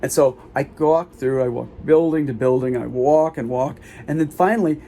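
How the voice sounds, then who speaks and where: A man performing a live comic storytelling show, recounting a hospital visit in halting, self-interrupting sentences. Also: medium pitch, dark tone, a little hiss or hum. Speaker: solo performer. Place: small theater stage.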